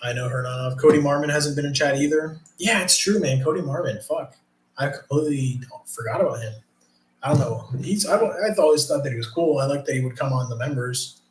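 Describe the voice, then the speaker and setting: A man's voice: on the high side, brisk. A man casually chatting on a live stream, reading chat aloud, with profane, rambling talk. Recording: roomy echo.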